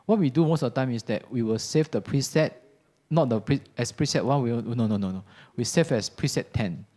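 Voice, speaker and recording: A man giving a relaxed, chatty product demo in a workshop classroom, often checking in with "okay?". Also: mid-range voice, fairly quick. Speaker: audio product trainer. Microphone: ceiling and handheld microphones in a live demo.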